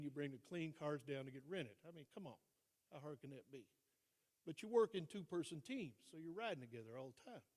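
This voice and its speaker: An older man, a retired teacher and coach, telling stories as a guest speaker, with dramatic pauses and repeated phrases for emphasis. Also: a little high. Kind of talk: motivational storytelling speech. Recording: long reverb in a large hall.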